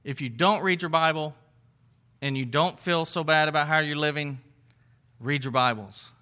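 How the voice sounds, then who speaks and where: A man's voice: fairly high pitch, normal speed, sharp tone. A man preaching a sermon to his congregation, conversational, with rhetorical questions and asides. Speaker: pastor.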